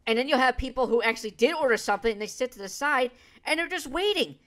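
A woman's voice: fairly high pitch, animated, fast talker, fairly bright tone. A woman hosting a reaction video, giving blunt, profane, sarcastic commentary on clips.

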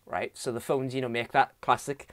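A man's voice: mid-range voice, moderate pace, no room sound. A young man co-hosting a podcast, ranting and laughing in casual chat. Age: young adult. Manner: animated, ranting, laughs often, mimics voices. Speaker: podcast co-host. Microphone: podcast mic.

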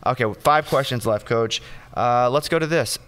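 A man's voice: medium pitch, normal speed, fairly bright tone, clear, resonant tone. A man from Arkansas hosting a casual interview, joking and teasing his guest. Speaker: radio show host.

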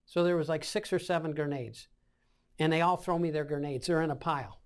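A man's voice: fairly high pitch, steady tone, a little fast, darkish tone. Man, 70s, war veteran, oral-history interview, vivid storytelling, mimics sound effects.

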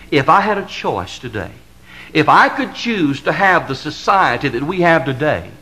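Southern-drawl pastor, man, bright tone, preaching in swelling repeated cadences. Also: a little high, rough recording. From American South. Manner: impassioned, building to emphatic crescendos; repetitive rhetorical cadence with drawn-out stresses. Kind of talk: fiery preaching sermon.

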